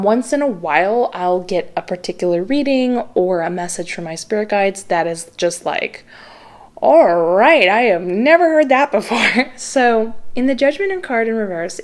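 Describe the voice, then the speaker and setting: A woman's voice: medium pitch, darkish tone. A young woman giving a casual tarot reading, speaking earnestly and rambling, with frequent fillers and restarts. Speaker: tarot reader.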